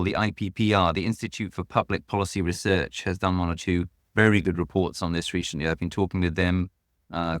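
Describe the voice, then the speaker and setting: A man's voice: on the low side, no room sound, clean studio sound. A man answering as a guest author on a podcast, earnest and emphatic, leaning hard on key words.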